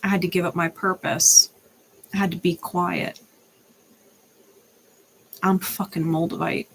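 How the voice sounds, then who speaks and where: Woman, tarot reader, unscripted rant, heavy swearing, gravelly, blunt. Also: lowish voice, flat delivery, a little slow, a little hiss or hum. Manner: blunt, profane, fired-up. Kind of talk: unscripted ranting monologue.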